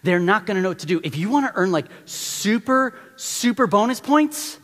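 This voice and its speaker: A middle-aged man preaches from the pulpit in a slightly high voice, exhorting his listeners and hammering points home by repeating them. His words ring out with the long reverb of a large hall. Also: moderate pace. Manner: animated, exhorting and repeating for emphasis. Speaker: pastor. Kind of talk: sermon.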